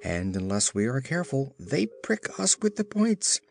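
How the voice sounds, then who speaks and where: A man's voice: medium pitch, big pitch swings, normal speed, creaky, a little mellow, pitched above the performer's own voice. A man voicing a proud one-legged male hopping champion in a storybook, in an earnest, formal manner.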